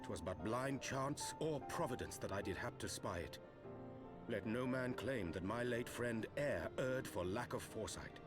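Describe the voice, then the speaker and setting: A man's voice: medium pitch, animated, a little slow, close to an everyday voice. An actor playing a solemn male scholar who speaks in archaic, formal English in a game cutscene. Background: game music.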